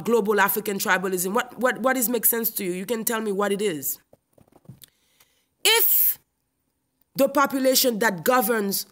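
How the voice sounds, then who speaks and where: A woman's voice: medium pitch, fairly bright tone. A woman comedian, delivering a confrontational comic rant in a haughty, scolding, imperious manner. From Haiti.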